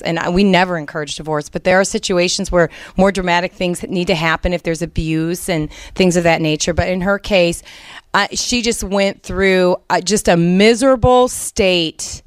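Middle-aged woman Christian speaker, earnest and chatty, smooth dry voice. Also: fairly low pitch, fairly even intonation, normal speed, dry recording. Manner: earnest, conversational, many fillers. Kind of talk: Christian teaching talk.

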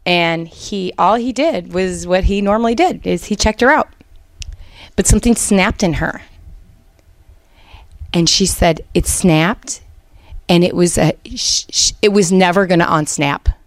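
A woman's voice: fairly low pitch, measured pace, long pauses, dry recording. A middle-aged woman giving an earnest, conversational Christian teaching talk. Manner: earnest, conversational, many fillers. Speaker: Christian speaker.

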